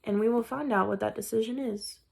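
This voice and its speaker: A woman reading a children's book aloud in a deliberate storytelling manner. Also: a little high, steady tone, gravelly, slightly rough. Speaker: reader.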